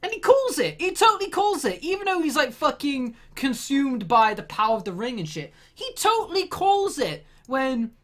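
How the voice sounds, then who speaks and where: A woman's voice: sits high, sing-song, normal speed, few pauses, fairly bright tone. A woman delivering a sweary, exasperated comedic rant.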